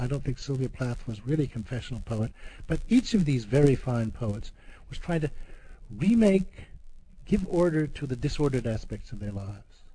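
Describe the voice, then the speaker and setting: Mellow-voiced man reading and discussing poetry. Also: mid-range voice, slight background noise, poor audio. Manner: halting, repeats words when explaining. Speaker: poet and guest discussing poetry.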